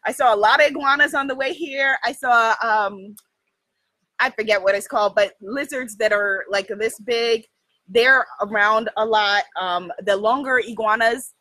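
A woman hosting a casual chat with her viewers, telling a story in an animated way, laughing often and asking "right?". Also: sits high, no echo. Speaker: host addressing her viewers.

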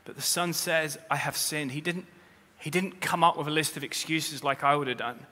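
A man preaching a sermon as pastor, speaking straight to the congregation with humorous asides, and rising to loud, emphatic peaks. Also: a little high, moderate pace. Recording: long reverb of a large hall.

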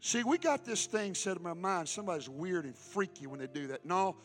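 Fervent high-voiced pastor preaching. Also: male voice, expressive, brisk, soft background music. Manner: fervent preaching, swinging from loud calls to hushed asides. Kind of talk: sermon.

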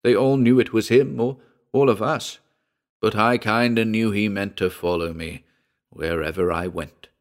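A man playing a gruff, haunted old sea captain. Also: fairly low pitch, steady tone, unhurried. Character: weathered old sea captain, brooding and superstitious.

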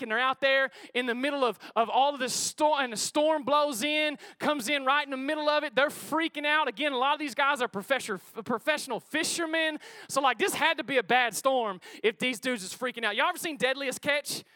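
A pastor, delivering a lively sermon. His voice sits high and sounds ringing and bright. The sound is close and dry, and he keeps calling out to his congregation in a chatty way. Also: fairly quick, few pauses, smooth, dry recording. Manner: energetic, conversational preaching with crowd call-outs. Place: church auditorium before a congregation.

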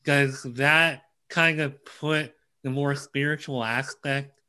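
A man hosting an interview, asking measured, deliberate questions. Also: medium pitch, steady tone, pushed and bright, clean tone. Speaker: interviewer host.

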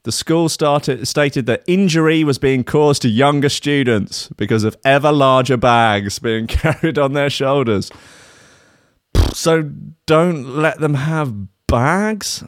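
A man's voice: mid-range voice, measured pace, smooth, no room sound, studio quality. A man hosting a radio show, chatting casually between tracks with sardonic, sweary, rambling asides.

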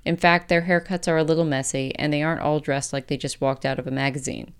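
A woman podcast host reading her own essay aloud and then chatting about it, with a measured, gentle delivery. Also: low-pitched, steady tone, smooth.

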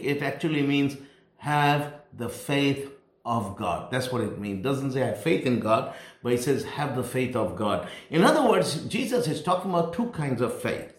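A man preaching a sermon, emphatic and repeating key phrases, slowing down to stress points. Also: a little high. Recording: echoey room.

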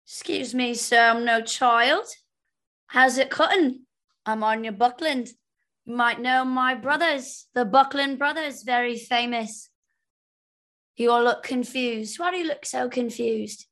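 A woman's voice: a little high, unhurried, fairly bright tone. A woman voicing a small, chatty female wanderer from a family of stage performers, in a thick, hard-to-follow put-on accent and a showy, pushy manner. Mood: cheeky. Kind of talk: tabletop role-play.

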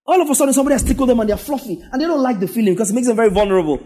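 A man delivers a sermon, pressing each point through repetition and frequent asides to the congregation. His voice sits high for a man and has a husky, grainy edge. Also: animated, very fast, warm tone. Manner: emphatic, repetitive exhortation with frequent "yeah?" to the congregation. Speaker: pastor.

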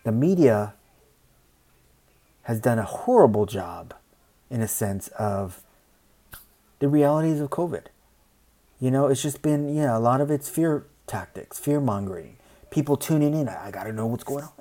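A man's voice: medium pitch, animated, unhurried, pauses often, mellow. Guy ranting casually, lots of you know, mimics people mid-thought. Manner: rambling, repeats "you know", mimics people in quoted asides. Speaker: commentator. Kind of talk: casual opinion monologue.

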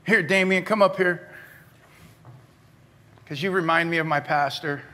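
A middle-aged male pastor preaching a sermon, telling stories in a conversational way that moves from animated to hushed. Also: a little high, a little slow.

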